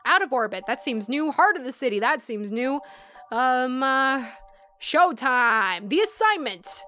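A woman's voice: high-pitched, sing-song, measured pace, bright, forceful tone, no room sound, soft background music. A woman hosting a let's play, chatting casually and giggling as she hums along to the game.

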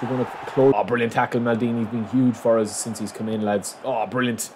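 A man gives running commentary on his own football video game. His pitch sits in the middle, and he drops to low mutters, then jumps into loud excited shouts. A faint room hum sits under his desk mic. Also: quick pace, hardly any pauses. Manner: excitable, bursts into shouts at goals, addresses viewers as lads. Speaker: gaming YouTuber.

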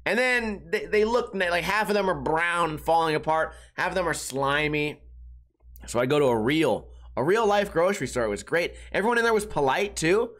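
A man's voice: a little high, animated, moderate pace, fairly bright tone. A man hosting a solo podcast, telling rambling everyday stories with lots of swearing and acting out the people he quotes. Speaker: podcast host. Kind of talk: casual solo storytelling monologue.

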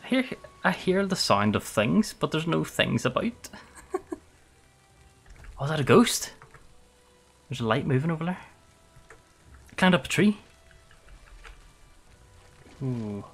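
A man's voice: a little high, sing-song, slow pace, long pauses, a bit bright. A man streaming a survival game, reacting jumpily with exclamations and swearing while talking to his chat. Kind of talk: live game commentary.

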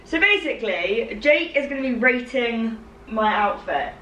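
A woman's voice: fairly high pitch, animated, unhurried, a bit bright, recorded from a distance, slight background noise. A young woman from the UK chatting casually about clothes, bubbly and giggly as she talks. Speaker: fashion vlogger. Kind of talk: casual haul chat. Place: room at home. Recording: echoey room, mic set back.

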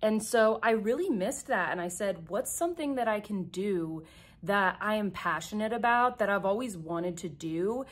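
A woman's voice: mid-range voice, expressive, normal speed. A young adult woman, a beauty YouTuber, talking chattily and enthusiastically to viewers while doing her makeup at home, filmed on a phone. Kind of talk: chatty get-ready-with-me vlog.

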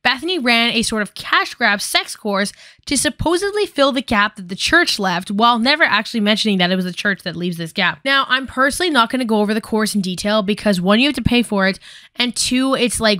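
A young woman gives a casual video essay in a bright, smooth voice with a sarcastic edge. She talks loosely and irreverently. The recording is close and dry, with no room sound. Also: medium pitch, fairly quick, no echo. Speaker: YouTube commentator.

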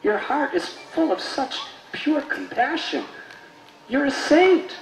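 A man voicing townspeople who plead in wonder, pitched well above his own voice. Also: very animated, slow pace, vocal fry, full character voice. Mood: awed. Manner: pleading, high and loud. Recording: roomy space with faint noise.

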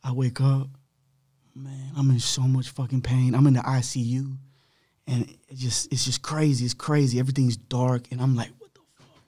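A man's voice: medium pitch, moderate pace. Man telling a hospital story casually. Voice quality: slightly rough voice. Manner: animated, acts out dialogue, frequent swearing. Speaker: podcast guest.

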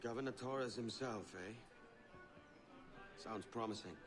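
A stern pirate elder played by a male actor speaks in a dry, curt way at an ordinary pitch. Loud game music fills the cutscene around him. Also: measured pace, close to an everyday voice. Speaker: game character. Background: loud score.

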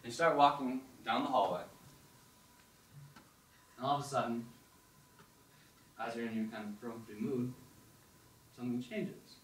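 A young man telling an animated second-person story at an open mic, acting out the thoughts he quotes. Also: medium pitch, measured pace, pauses often. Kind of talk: storytelling monologue. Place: performance hall. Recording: echoey hall, distant mic, faint noise.

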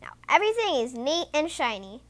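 A woman's voice: sits high, big pitch swings, a little fast, a bit bright. A woman voicing a fussy, tidy, middle-aged farmer's wife who speaks primly and exclaims.

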